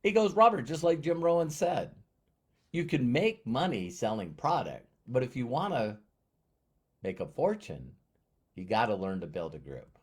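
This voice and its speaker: A man's voice: mid-range voice, a little slow, slightly rough. A man telling a personal story as a motivational speaker, acting out both sides of a conversation. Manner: animated, acts out dialogue. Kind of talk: storytelling talk.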